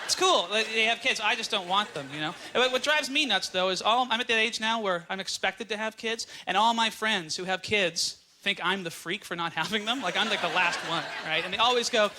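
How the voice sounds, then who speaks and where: A man's voice: high voice, fairly quick, a little hiss or hum. A man in his thirties doing a stand-up comedy set on a club stage, talking animatedly and acting out other people's voices. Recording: live club recording, loud audience laughter.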